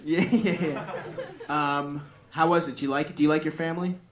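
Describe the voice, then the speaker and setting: A man's voice: on the high side, steady tone, moderate pace. Rambling, profane stand-up comedian man. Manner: rambling, profane, self-deprecating. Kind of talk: stand-up crowd work. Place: comedy club stage. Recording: live comedy club with crowd noise.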